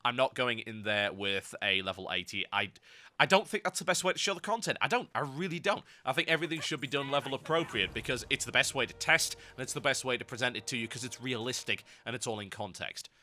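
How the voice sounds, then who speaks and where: A hoarse man with a cold, slightly nasal, talking through gameplay commentary. His voice is very bright and cutting, and he drifts into sarcastic little rants. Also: medium pitch, lively intonation, fast talker, slight background noise. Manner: ranty, sarcastic asides. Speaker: game commentator.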